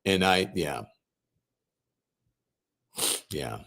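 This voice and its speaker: A middle-aged man hosting a livestream, reading viewers' comments aloud and answering them in a relaxed, conversational way. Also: low voice, unhurried, gravelly. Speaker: host reading live chat comments. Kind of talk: casual livestream chat.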